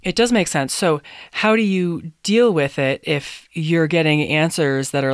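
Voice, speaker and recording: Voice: medium pitch, measured pace, few pauses, dry recording, clean studio sound. A podcast host asking long, thoughtful, probing questions. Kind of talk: interview questions.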